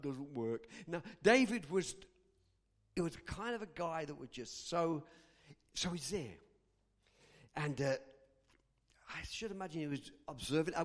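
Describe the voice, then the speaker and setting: A man preaching a sermon, telling a story and acting out the characters' lines. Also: fairly high pitch. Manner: animated, acts out characters' lines. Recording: long hall reverb.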